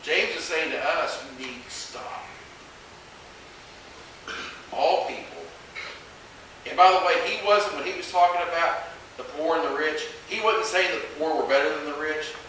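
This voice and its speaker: High bright-voiced preacher, echoey hall. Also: male voice, normal speed, long pauses. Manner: conversational preaching with rhetorical questions, swinging from hushed to loud. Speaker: pastor. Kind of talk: sermon. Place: church sanctuary. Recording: echoey hall, distant mic, faint hiss.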